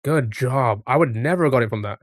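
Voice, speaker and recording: A man streaming a music quiz live and chatting easily with his viewers. He sits in the middle for pitch and sounds dry and close, with no room around him. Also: brisk, dry recording. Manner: chatty, reacts to chat. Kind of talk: casual live-stream chat.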